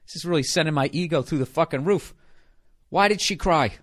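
A man's voice: a little high, a little fast. A man in his forties from the United States, a comedian hosting a podcast, delivering a profane, sarcastic rant. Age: 40s. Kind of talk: ranting comedic monologue.

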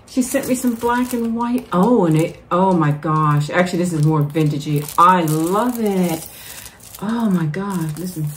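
A woman with a low-pitched voice opens mail on camera and gushes to her viewers. She talks in an excited, casual way. A faint hum of room noise sits behind her. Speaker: vlogger. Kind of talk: casual mail-opening vlog.

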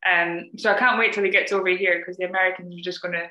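A woman's voice: lowish voice, steady tone, quick pace, pushed and bright. A Scottish woman from Scotland, a podcast guest chatting casually and laughing easily at herself. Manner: self-deprecating, laughs easily. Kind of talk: casual conversation. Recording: roomy, dull remote audio.

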